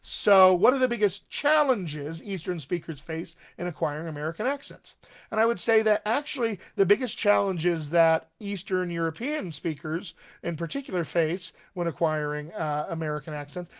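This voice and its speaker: A man's voice: high-pitched, lively intonation, moderate pace. A man working as a dialect coach, answering viewer questions on a live stream in an encouraging, conversational way with plenty of fillers. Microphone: webcam or desk mic on a live stream.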